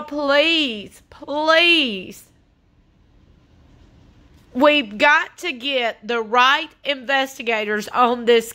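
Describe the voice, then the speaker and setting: High, slow-spoken woman. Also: bright, forceful tone. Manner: earnest, pleading and indignant. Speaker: true crime channel host. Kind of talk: impassioned commentary.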